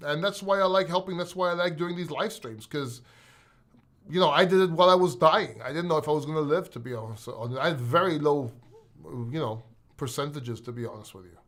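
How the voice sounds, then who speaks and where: A man hosting a crypto live stream, speaking in a voice a bit higher than most men's. He is excitable and emotional, and he swears freely. He talks casually and directly to the viewers in his chat. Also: fast.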